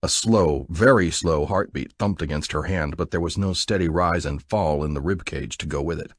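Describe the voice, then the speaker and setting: A man giving an expressive, dramatic audiobook narration. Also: sits low, moderate pace, no room sound, studio quality.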